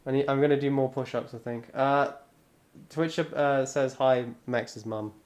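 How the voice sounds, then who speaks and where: A man's voice: mid-range voice, steady tone, normal speed, darkish tone. Wry young man chatting on stream. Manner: wry, self-deprecating, relaying chat messages. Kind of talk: casual chat on a live stream.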